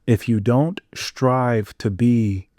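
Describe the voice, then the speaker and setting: A man on a podcast delivering an intense monologue. He asks rhetorical question after rhetorical question and swings from low muttering to loud exclamations. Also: fairly even intonation, extremely slow, no echo, studio quality. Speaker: podcast guest.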